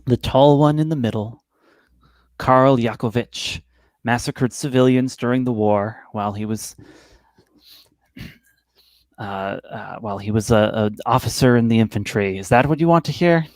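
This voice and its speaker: A man running a tabletop role-playing game as game master, narrating in a halting way with lots of restarts. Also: medium pitch, a little mellow, no echo. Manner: halting, full of fillers and restarts.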